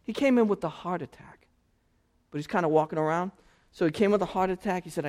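High-voiced man preaching a sermon. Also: fast talker. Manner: storytelling, rising to loud passionate preaching. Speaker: pastor.

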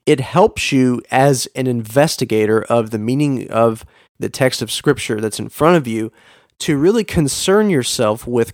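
A man's voice: mid-range voice, no echo. Man teaching a Bible lesson, dry sound. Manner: reads verses aloud with shifting stress, asks rhetorical questions.

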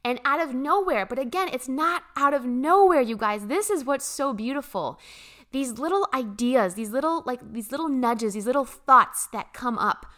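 Bright, gushing young woman. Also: high voice, animated, moderate pace. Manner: gushing, emphatic, swears casually, laughs often. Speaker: spiritual vlogger. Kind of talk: casual spiritual storytelling.

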